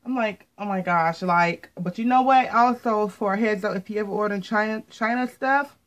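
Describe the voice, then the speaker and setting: A woman's voice: mid-range voice, moderate pace, low-quality recording. An American woman chatting casually to viewers as she shows off her latest clothing haul, repeating words and often saying "you guys.". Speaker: fashion vlogger.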